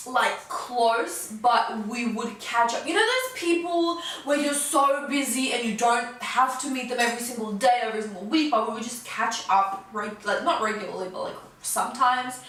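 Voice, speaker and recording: Young woman vlogger, high and animated, storytime rant, echoey room, mic a bit far off. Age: 20s. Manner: animated, fast-talking, swings from low mutters to high outbursts. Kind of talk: storytime vlog, casual chat.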